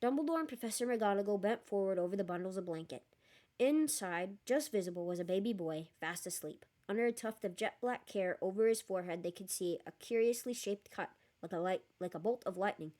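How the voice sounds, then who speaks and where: A woman reading a novel aloud in a lively way, breaking off for chatty, joking asides. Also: mid-range voice, brisk. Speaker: reader.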